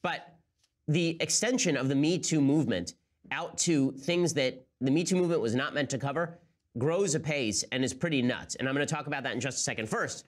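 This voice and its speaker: Fast-talking sarcastic male commentator. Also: medium pitch. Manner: sarcastic, incredulous. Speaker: host. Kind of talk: political commentary.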